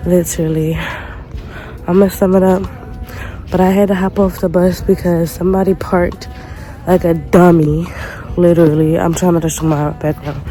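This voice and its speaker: A woman's voice: fairly low pitch, steady tone, moderate pace, mellow, soft background music. A young woman vlogging casually from her phone, chatty and exasperated, full of slang. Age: young adult. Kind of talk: casual storytime vlog. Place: outdoors on a city street.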